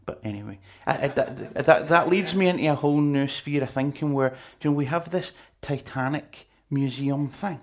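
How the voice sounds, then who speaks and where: A man's voice: fairly high pitch, normal speed, few pauses. A man preaching a sermon in a chatty, conversational way, with asides to the congregation.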